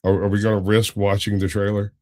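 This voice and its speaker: Lower-voiced joking male co-host. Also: completely flat delivery, quick pace, darkish tone. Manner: joking, teasing, crude humor. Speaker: podcast co-host. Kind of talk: casual chat.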